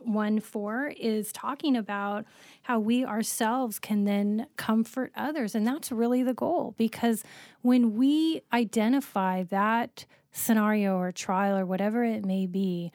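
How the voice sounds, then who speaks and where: A woman's voice: fairly high pitch, steady tone, measured pace, a little mellow, no room sound. Earnest woman host, dry close sound. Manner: earnest, quotes scripture, many fillers. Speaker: podcast co-host. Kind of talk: faith-based podcast conversation.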